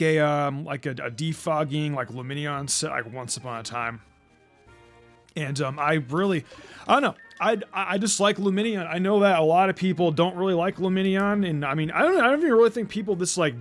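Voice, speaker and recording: A young man giving casual let's-play commentary, rambling with many fillers and stumbling restarts. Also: a little high. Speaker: gaming commentator.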